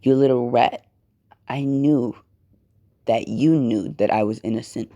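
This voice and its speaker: Brief: man voicing a cold, unhurried young villain-god, low-key menace, dark tone. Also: steady tone, dull audio, close to an everyday voice. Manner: quietly menacing, cold threats. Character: vengeful young male hero turned god-like villain.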